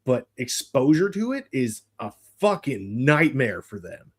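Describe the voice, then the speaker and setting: A man's voice: medium pitch, big pitch swings, unhurried, breathy edge. A man in casual movie talk with a friend, blunt and sweary. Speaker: podcast co-host.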